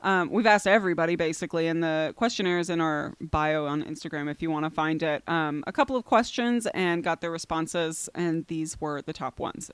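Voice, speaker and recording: A woman's voice: fairly low pitch, clean tone, dry recording. Woman podcast co-host, casual and giggly, loose filler-heavy chat, dead-dry close recording. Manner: chatty, laughs often, lots of fillers.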